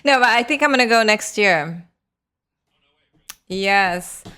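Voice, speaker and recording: Calm woman explaining words. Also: medium pitch, slow. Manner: calm, explains word meanings simply. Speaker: co-host, Japanese teacher. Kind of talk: language lesson chat.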